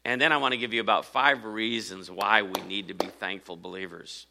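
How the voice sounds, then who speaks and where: A man's voice: fairly low pitch, steady tone, a little fast, background noise. A man preaching a sermon, earnest and repeating phrases for emphasis. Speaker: pastor.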